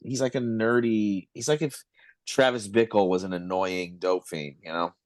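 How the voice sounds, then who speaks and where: A man's voice: lowish voice, steady tone, moderate pace, no room sound. A man co-hosting a film podcast in casual chat, blunt and dismissive. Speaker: podcast co-host.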